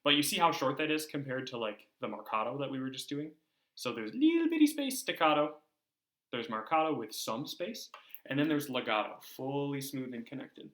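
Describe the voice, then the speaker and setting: A male music teacher speaks straight to young students in a relaxed, conversational lesson. His pitch sits in the middle, and he often says um and repeats a word as he explains things. He sounds like a friendly teacher talking to a camera. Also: fairly quick. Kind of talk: classroom video lesson.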